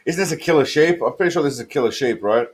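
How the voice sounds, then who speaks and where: A man's voice: mid-range voice, expressive, rapid-fire. An Australian man streaming live, joking and rambling as he talks to his chat by name while reacting to trailers.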